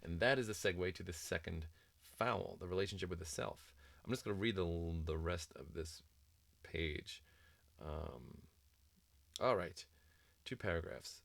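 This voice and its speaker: Low-voiced middle-aged man musing aloud. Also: a little slow, creaky, a bit bright, no echo. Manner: rambling, many ums and restarts, mimics sing-song voices in quotes. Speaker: author discussing his book on parenting. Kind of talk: casual reflective talk.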